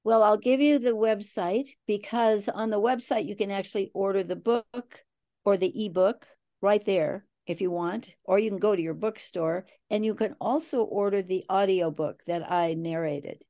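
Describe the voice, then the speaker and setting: A woman author as a guest, talking in a relaxed, friendly way during a video call interview. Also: medium pitch, moderate pace. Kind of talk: casual interview chat.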